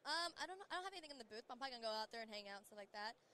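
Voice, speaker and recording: A woman's voice: fairly high pitch, expressive, racing, pushed and bright, clean tone. A young woman from Missouri, a guest on a podcast recorded at a trade show, chatting casually with folksy slang and frequent laughter. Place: busy trade show floor.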